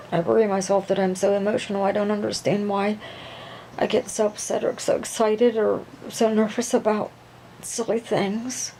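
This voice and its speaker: A woman plays a nervous, gushing young woman in a homemade pretend drama. Her voice is mellow, fretful and halting, stumbling over repeated words. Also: medium pitch, a little hiss or hum, lightly acted, rough recording.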